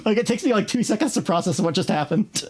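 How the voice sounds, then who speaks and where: A woman's voice: mid-range voice, lively intonation, fast, husky. A young woman with a New York accent chatting casually on a livestream, rambling, laughing often and swearing freely. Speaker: streamer.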